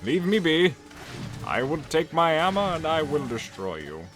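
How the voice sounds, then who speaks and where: A man voicing a gruff knight who hates children, blustering and pompous, over game music. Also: fairly high pitch, very animated, moderate pace, a bit bright, voice pushed up. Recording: game music playing behind.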